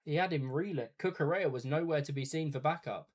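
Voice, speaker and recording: A man's voice: fairly high pitch, fast talker. A man streaming a watch party, giving chatty live play-by-play of a football match with casual asides.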